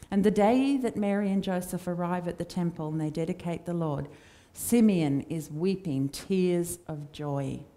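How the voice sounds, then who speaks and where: Woman preacher, lowish mellow voice, chatty storytelling sermon. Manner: conversational, warm storytelling with acted quotes. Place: church.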